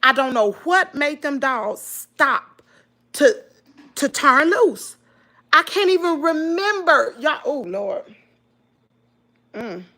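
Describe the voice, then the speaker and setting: Animated Southern woman telling a story. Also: high voice, takes it slowly, long pauses. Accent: Southern US, Mississippi. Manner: animated, emphatic, addresses listeners as girl and y'all. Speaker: vlogger. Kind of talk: emotional storytelling to viewers.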